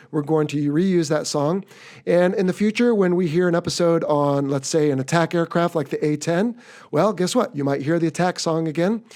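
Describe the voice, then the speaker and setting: A man's voice: a little high, darkish tone. Upbeat American man hosting a podcast. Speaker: podcast host. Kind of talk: casual podcast chat.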